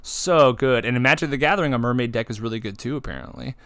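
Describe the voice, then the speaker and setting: A man co-hosting a podcast, talking excitedly about card games, swearing and acting out game moments. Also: medium pitch, fast, clear, resonant tone, dry recording. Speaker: podcast co-host. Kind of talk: casual chat.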